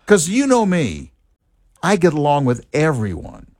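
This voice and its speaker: A man's voice: fairly high pitch, wildly swooping pitch, unhurried, a little mellow, dry recording, clean studio sound. A man co-hosting morning talk radio, wry and teasing, also reading sports headlines. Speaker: radio show co-host. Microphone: studio mic.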